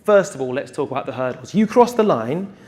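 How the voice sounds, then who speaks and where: A man's voice: a little high, expressive, fairly quick, darkish tone. A man hosting a press conference, introducing athletes and asking questions in an upbeat, showy way.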